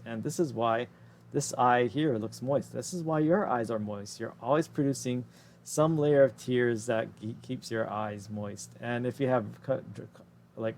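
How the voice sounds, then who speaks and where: A man's voice: mid-range voice, darkish tone, a little hiss or hum. Casual male anatomy lecturer. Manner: casual, self-correcting explanations with quick asides. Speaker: anatomy and physiology instructor. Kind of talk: recorded lecture over slides.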